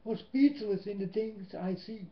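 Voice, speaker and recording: A man whose first language is Dutch, preaching a sermon in English into a webcam at home, slow and emphatic, swinging between loud and soft. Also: sits high. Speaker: lay preacher. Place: indoors at home. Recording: roomy, dull webcam audio.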